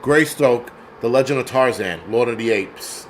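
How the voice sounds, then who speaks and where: A man's voice: medium pitch, normal speed, rough recording. Guy hosting a film chat, rambly and swears a lot, faint ac hum behind. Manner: rambling, profane, searches aloud. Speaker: film commentary host. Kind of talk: casual livestream commentary.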